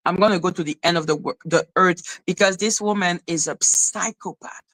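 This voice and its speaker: A woman's voice: fairly low pitch, normal speed, a bit bright, no room sound. A woman ranting on a livestream, heated and profane, who often repeats herself. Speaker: live streamer. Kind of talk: angry livestream rant.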